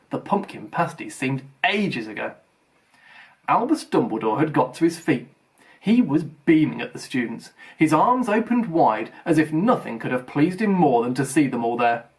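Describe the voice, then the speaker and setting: A man reading a novel aloud as an expressive storyteller. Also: medium pitch. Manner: expressive storytelling, voices for characters. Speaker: audiobook reader.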